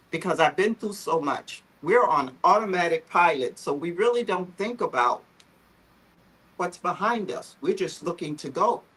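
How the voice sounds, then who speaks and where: A woman's voice: deep voice, fairly bright tone, husky, low-quality recording. A woman, founder of a photo therapy group, telling her personal story on a livestream video call in a heartfelt, emotional, earnest way.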